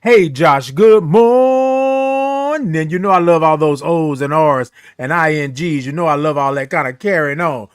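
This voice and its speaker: High-voiced guy hosting a morning livestream, singing out his good mornings, dry close mic. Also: smooth, no room sound. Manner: animated, sings out drawn-out good mornings; greets chat viewers by name. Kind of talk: casual livestream talk.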